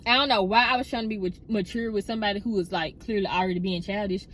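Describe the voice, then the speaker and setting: A woman chatting in a car, telling a story straight to her viewers in a casual, expressive way. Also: medium pitch, quick pace, a little hiss or hum. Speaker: storytime vlogger.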